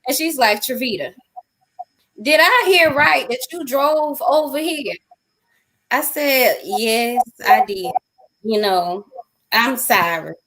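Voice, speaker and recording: High-pitched middle-aged woman telling a personal story in an interview, really animated, does everyone's voices as she goes. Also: takes it slowly, pauses often, rough recording. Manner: acts out quoted dialogue in lively voices. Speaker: interview guest sharing a testimony.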